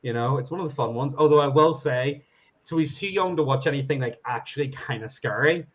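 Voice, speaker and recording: A man talks in a loose, rambling way, laughing often and swearing. His voice sits at a middle pitch. The audio is dull and lo-fi. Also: brisk. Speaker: podcast guest. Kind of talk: casual chat.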